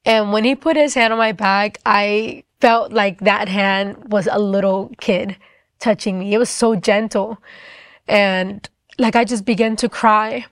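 A young woman recounts her faith testimony with earnest, reflective storytelling. She slips into quoted dialogue as she goes, and her voice sits at a middling pitch. The sound is dry and close, with no room around it. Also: no room sound. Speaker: testimony speaker.

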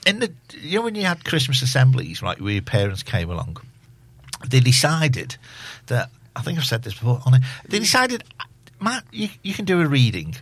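Husky, animated British man chatting. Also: mid-range voice, brisk, dry recording. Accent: British English. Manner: jokey storyteller, animated retellings. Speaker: radio co-host. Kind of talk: casual chat.

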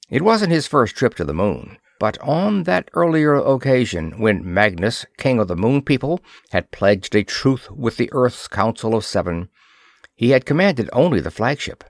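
Brief: male storyteller with a lively, expressive read and a dry, close sound. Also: fairly low pitch, no echo. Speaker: audiobook narrator. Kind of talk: scripted narration.

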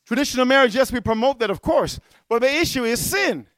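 Male preacher, very high bright voice, fiery sermon full of amens, dry close sound. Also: lively intonation, a little fast, no echo. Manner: preachy, calls amen and hallelujah, shouts at peaks; mocks quoted figures in singsong voices.

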